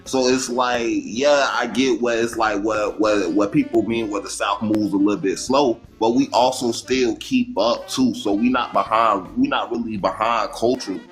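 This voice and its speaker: A man's voice: fairly low pitch, fairly even intonation, normal speed, few pauses, faint music behind, rough recording. A man from Florida in a casual panel debate, talking loosely with lots of "like" and plenty of swearing. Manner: loose and profane, hedging with lots of "like".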